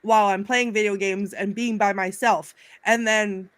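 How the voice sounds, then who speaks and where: A woman's voice: medium pitch, steady tone, normal speed, dry recording. A woman panelist on a video call, joking about herself in a dry, self-deprecating way. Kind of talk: casual panel chat.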